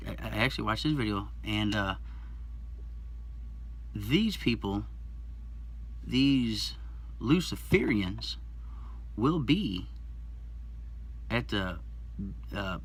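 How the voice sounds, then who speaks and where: A man's voice: lowish voice, slight background noise. A man hosting his own online channel, delivering an agitated, rambling monologue with many restarts and repetitions. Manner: agitated, rambling, repeats himself. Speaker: YouTube channel host. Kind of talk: impassioned conspiracy monologue.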